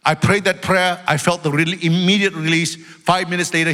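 A male pastor preaching an emphatic sermon in a church, loud at times and dropping into storytelling asides. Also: steady tone, brisk. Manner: emphatic, loud, swings between shouting and low storytelling asides. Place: church sanctuary. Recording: long reverb of a large hall.

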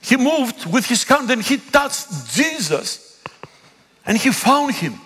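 Animated preaching man in an echoey hall. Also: very high-pitched, takes it slowly, breathy edge. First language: Greek. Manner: animated preaching, pleading and swelling to calls. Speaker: pastor. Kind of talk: sermon. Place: church. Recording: long echo of a big hall.

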